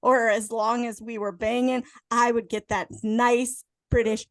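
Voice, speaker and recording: Female co-host, high-pitched, teasing, laughs a lot, dry recording. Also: little pitch movement, a little slow, dry recording. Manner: teasing, laughs often, argues back. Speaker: podcast co-host. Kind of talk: casual drunk movie review chat.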